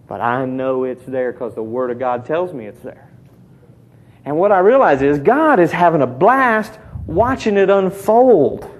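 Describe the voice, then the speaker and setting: A middle-aged man preaching a sermon, talking conversationally and teasing the congregation with call-and-response. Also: a little high. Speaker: pastor.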